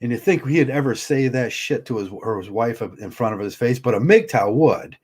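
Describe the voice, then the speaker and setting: Husky man ranting heatedly. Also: mid-range voice, moderate pace, darkish tone. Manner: heated, stammering restarts, blunt. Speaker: livestream host. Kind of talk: ranting livestream commentary.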